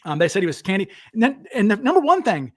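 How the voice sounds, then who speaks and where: A man's voice: high-pitched, big pitch swings, fast, dry recording, studio quality. A man with a Southern accent hosting a livestream, blunt and combative as he knocks down claims. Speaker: host. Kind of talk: heated livestream discussion.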